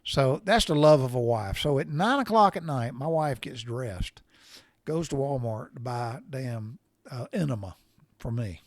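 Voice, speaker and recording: A man's voice: medium pitch, expressive, a little slow, no room sound, clean studio sound. A middle-aged man hosting a podcast, telling a story about himself in a casual, folksy, salty way and laughing at his own expense. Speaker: podcast host.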